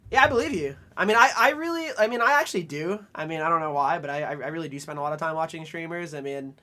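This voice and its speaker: A young man co-hosting a casual podcast, chatty and quick, often laughing. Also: a little high, pushed and bright. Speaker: podcast co-host.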